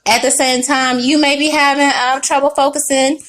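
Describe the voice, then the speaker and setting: Woman, high voice, tarot reading, casual monologue, blunt, profane, animated. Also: normal speed. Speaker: tarot reader.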